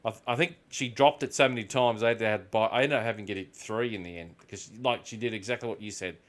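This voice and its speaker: A man's voice: on the low side, fast. An Australian man chatting casually while gaming, rambling through stories and swearing freely. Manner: rambling, swears freely, tells animated anecdotes. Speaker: gaming video host.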